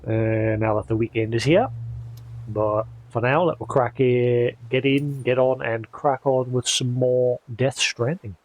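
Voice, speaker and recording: A man's voice: medium pitch, fairly even intonation, a little slow. A man chatting casually as he streams a video game, thinking aloud in an easygoing way. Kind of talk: casual live-stream commentary.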